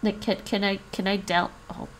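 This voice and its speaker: Speaking at a moderate pace with a flat delivery, a woman with a medium-pitched voice is heard over a slight hiss or hum. She's sniffly with a cold, chatting casually on a language-learning livestream, echoing an app's words to work on pronunciation and laughing frequently.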